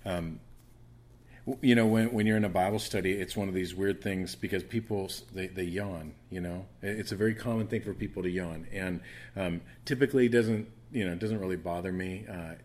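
A man's voice: deep voice, fairly quick, darkish tone. A man with a soothing voice teaching a Bible study, rambling with frequent restarts and fillers.

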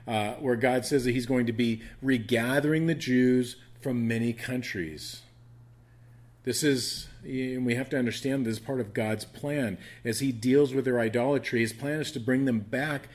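A man's voice: mid-range voice, darkish tone. Earnest man teaching scripture. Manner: earnest, conversational, with frequent restarts and rising emphasis. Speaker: pastor teaching a Bible study. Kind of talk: expository Bible teaching.

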